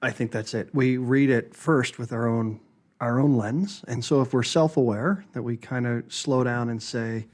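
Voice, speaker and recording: A man's voice: medium pitch, fairly even intonation, moderate pace, darkish tone. A man co-hosting a podcast, talking thoughtfully and restarting his sentences as he reflects. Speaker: podcast co-host. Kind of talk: reflective casual chat.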